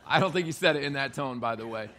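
A man's voice: medium pitch, animated, quick pace, fairly bright tone. A male pastor preaching a conversational sermon to his congregation, joking and acting out the quotes he reads.

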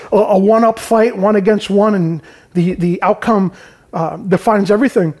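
A man's voice: sits high, darkish tone. A man preaching a conversational sermon who explains scripture in everyday terms and keeps checking in with "right?". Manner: informal, peppered with "right?" and "man".

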